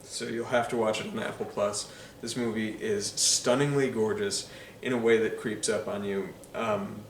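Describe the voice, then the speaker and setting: A man's voice: fairly low pitch, steady tone, normal speed, echoey room, distant mic, slight background noise. A man giving enthusiastic, casual movie commentary, full of ums and uhs. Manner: enthusiastic, filler-heavy with frequent ums and uhs. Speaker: film reviewer.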